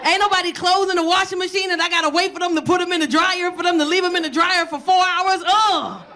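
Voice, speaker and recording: A woman's voice: very high voice, fast. A brash, profane woman in her thirties with a New York accent, doing stand-up comedy and teasing the crowd on a club stage. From South Bronx, New York. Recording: live club recording with loud crowd laughter.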